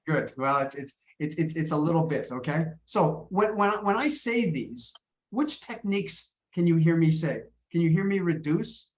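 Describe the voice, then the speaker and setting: A man coaches an English class over a video call, encouraging and quick to repeat his words. His voice sits on the higher side for a man. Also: lively intonation. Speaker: English teacher.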